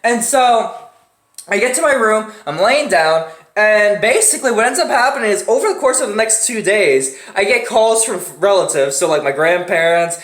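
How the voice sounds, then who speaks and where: A man's voice: sits high, lively intonation, moderate pace, a bit bright, roomy sound. A young man telling a story in a casual, profane way, acting out the people he quotes with laughs and grunts.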